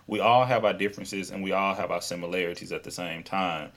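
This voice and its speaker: A male podcast host with a Southern drawl and a lowish voice. He chats in a loose, rambling way, often restarting his sentences. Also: fairly even intonation, a little fast. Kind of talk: casual interview chat.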